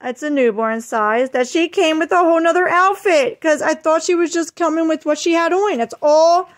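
A woman's voice: sits high, normal speed. A woman filming a casual unboxing vlog on her phone at home, chatty and gushing, with lots of fillers and apologies. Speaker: vlogger.

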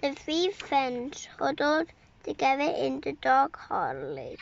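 A woman reading a picture book aloud slowly at bedtime, sometimes slipping and correcting herself. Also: high voice, very animated, creaky. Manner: slow, unhurried reading with occasional slips and corrections. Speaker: storyteller. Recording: dull lo-fi home recording.

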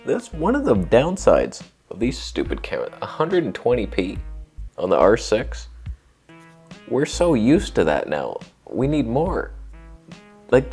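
A man's voice: lowish voice, a little mellow. A man giving a comedic camera review, sarcastic and rambling with jokey asides.

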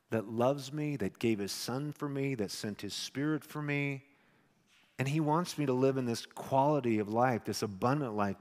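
Man preaching in a reverberant hall. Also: mid-range voice. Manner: animated storyteller, swings from loud to hushed. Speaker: pastor. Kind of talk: sermon with personal storytelling.

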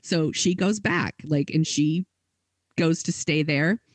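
Brief: fairly high male host, dry close sound, chatty storyteller who keeps slipping into quoted voices. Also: slow, no room sound. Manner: casual, filler-heavy retelling with acted quotes. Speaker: podcast host. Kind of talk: casual podcast storytelling.

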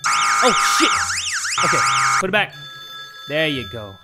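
A young man commentating a video game, excitable, joking and swearing. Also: a little high, slow, over loud music. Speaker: gaming channel host. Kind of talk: let's-play commentary.

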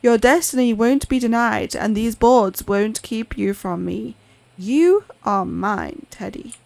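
A slow, booming otherworldly master gives solemn orders in a game voice, as a woman reads him out. The voice sits fairly high with a gravelly fry. Every word lands heavy and deliberate. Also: no echo. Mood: commanding. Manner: slow, loud, solemn commands. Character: commanding otherworldly master, unseen and ancient.

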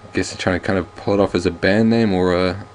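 Wry deep-voiced let's play man. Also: fast talker, slight background noise. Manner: wry, relaxed with fillers. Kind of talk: casual game commentary reading a text adventure.

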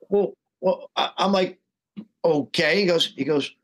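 A man who's a guest singer tells a story in casual podcast talk, animatedly acting out the quoted dialogue. His voice is a little high and unhurried.

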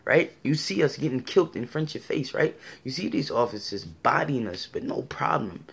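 A man's voice: mid-range voice, big pitch swings, moderate pace, vocal fry, fairly bright tone, breathy edge. A man delivering a passionate, argumentative opinion monologue full of rhetorical questions. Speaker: commentator giving his opinion.

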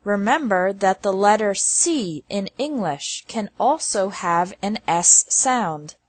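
A woman reading an English lesson, pronouncing verb lists slowly one word at a time. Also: mid-range voice, animated, slightly rough, no echo. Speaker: English teacher. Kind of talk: slow scripted lesson narration.

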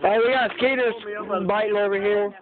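A man's voice: high voice, fairly even intonation, brisk. A young man bantering outdoors at a swimming hole with friends, making crude teasing jokes and laughing often. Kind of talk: casual banter among friends. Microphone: phone. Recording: tinny phone audio, loud crowd chatter.

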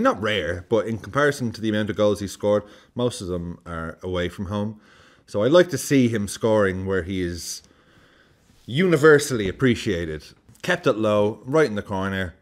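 A man chatting through a match in his vlog. His low voice swings a lot in pitch as he swears freely and acts out his reactions. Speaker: football vlogger. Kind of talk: casual match commentary.

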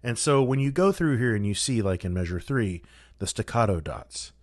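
Man, lowish voice, trombone teacher, methodical coaching, dry close sound. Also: lively intonation, normal speed, no room sound. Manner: methodical, coaching, direct advice to students. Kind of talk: instructional practice guide.

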